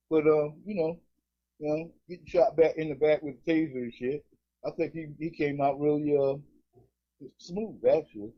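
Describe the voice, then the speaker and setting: On a casual comedic podcast, a co-host with a voice on the high side talks at normal speed. He's an animated storyteller who acts out cops and swears a lot, all captured in a dull, lo-fi recording.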